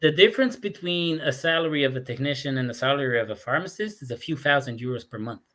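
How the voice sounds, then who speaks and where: A man's voice: medium pitch, animated, quick pace, pushed and bright. Chatty American-accented male host. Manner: chatty, joking, asks questions. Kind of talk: casual interview chat.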